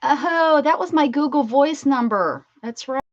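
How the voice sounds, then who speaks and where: A woman's voice: high-pitched, unhurried. A woman, casually chatting and rambling as she crafts, often correcting herself mid-sentence. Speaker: crafting channel host. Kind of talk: casual chat while crafting. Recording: dull lo-fi audio, faint noise.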